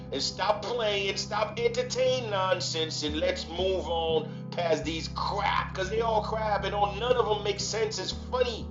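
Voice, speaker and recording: A man's voice: high voice, lo-fi sound. A man hosting a reaction video, talking emphatically and profanely in casual commentary. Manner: emphatic, profane, laughs often. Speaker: reaction channel host. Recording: echoey room with music behind.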